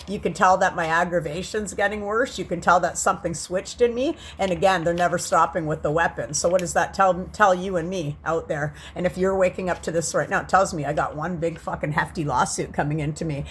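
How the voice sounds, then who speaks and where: A woman's voice: lowish voice, brisk, few pauses, a little hiss or hum. A woman in her forties ranting agitatedly into a handheld phone while sitting on a bed, swearing often and repeating herself. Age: 40s. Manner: agitated, profane, repetitive. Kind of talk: agitated vlog rant. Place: on a bed indoors.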